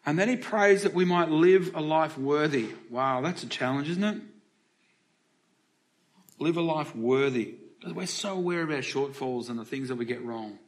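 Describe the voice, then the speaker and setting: Conversational Australian preacher, higher voice. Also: male voice, moderate pace. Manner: conversational, asks the congregation questions. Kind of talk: sermon. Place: church.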